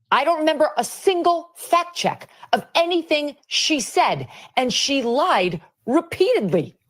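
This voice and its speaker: A woman giving indignant, emphatic opinion commentary on a news broadcast. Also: a little high. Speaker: political commentator.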